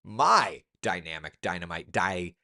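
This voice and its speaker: Reading viewer comments in a casual live chat, a male meteorologist shares his opinions in a gravelly, bright, forceful voice that's sing-song and unhurried. His pitch jumps sharply upward when he drives a point home.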